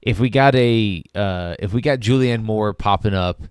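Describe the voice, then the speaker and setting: A man's voice: fairly low pitch, normal speed, clear, resonant tone, no room sound, clean studio sound. A man co-hosting a podcast, hesitant and agreeable in casual movie review chat. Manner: hesitant, agreeable, laughs easily. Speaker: podcast co-host.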